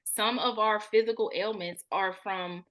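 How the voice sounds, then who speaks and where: A therapist and spiritual coach in her thirties shares her own story candidly and colloquially, animating the thoughts she quotes. Her mid-range voice has fairly even intonation, a measured pace, and a fairly bright tone.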